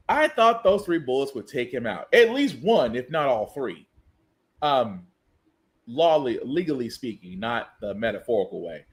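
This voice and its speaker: A male podcast host delivers casual political commentary in a sarcastic, ranting manner. His voice sits high and rises and falls with lively swings.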